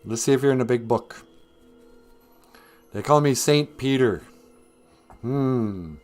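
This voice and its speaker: A man's voice: medium pitch, takes it slowly, a little mellow, soft background music, lightly acted. A man playing a stern male gatekeeper of heaven with an officious, questioning manner.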